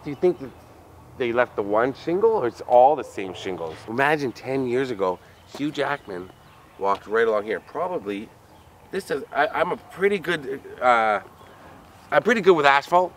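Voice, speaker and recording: A man from Canada chatting casually outdoors, rambling and joking with halting restarts. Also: medium pitch, lively intonation, low-quality recording. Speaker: co-host. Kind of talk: casual chat. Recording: outdoor street noise.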